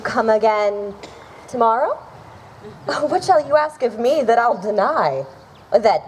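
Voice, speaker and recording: A woman's voice: mid-range voice, a little mellow, slight background noise, lightly acted, rough recording. A woman playing a proud, lovesick young countess, speaking verse earnestly. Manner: pleading, earnest verse delivery. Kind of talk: outdoor Shakespeare stage acting.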